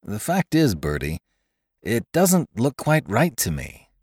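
A man voicing a fretful young artist in an audiobook story, speaking in a hesitant, worried way. His delivery swings a lot in pitch, and the recording is very dry and close. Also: wildly swooping pitch, slow pace, a little mellow, no room sound, exaggerated voice. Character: anxious young male portrait painter.

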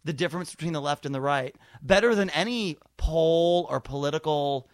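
A man co-hosting a casual comedic chat, quick and campy, often slipping into mocking impressions. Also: a little high, dry recording. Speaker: podcast co-host.

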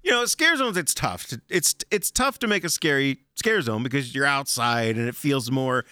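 Animated Midwestern man, bright dry voice. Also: medium pitch, normal speed, clean tone, no room sound. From Chicago area. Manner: animated, reads descriptions dramatically. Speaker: podcast co-host. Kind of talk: casual chat.

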